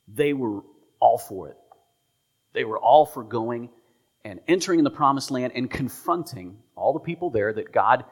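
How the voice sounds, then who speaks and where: A man preaching a sermon as a pastor, retelling stories with lively emphasis, voicing the people in them and dropping at times to a whisper. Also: medium pitch, slightly rough. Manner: animated storytelling, voicing quoted figures, dropping to whispers.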